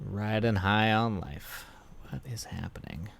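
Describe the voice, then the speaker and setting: Low-voiced man chatting on a stream. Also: unhurried, gravelly, slight background noise. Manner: rambling, laughs often, many fillers. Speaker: livestream host. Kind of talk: casual chat reading viewer comments.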